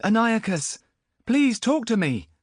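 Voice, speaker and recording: A man's voice: big pitch swings, slow, no echo, clean studio sound, exaggerated voice. A man voicing a frightened young boy. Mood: frightened pleading. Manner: pleading, anxious, high boyish voice. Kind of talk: audiobook character voice.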